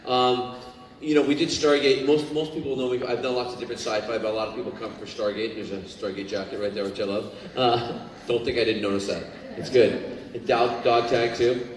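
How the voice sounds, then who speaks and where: A man's voice: medium pitch, fairly quick. A man born in Scotland, a guest actor telling rambling stories to fans at a convention panel on a handheld mic. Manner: rambling, animated, with many fillers and restarts. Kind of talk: anecdotal storytelling to a fan audience. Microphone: handheld microphone. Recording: echoey hall, distant mic, faint room noise.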